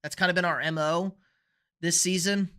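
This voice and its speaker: A young man with a bright, forward voice runs a live football picks stream. He talks in a loose, rambling way and reacts to viewer chat as it comes in. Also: high voice, steady tone, normal speed, smooth. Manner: casual, rambling, reads and answers viewer chat. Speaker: sports show host.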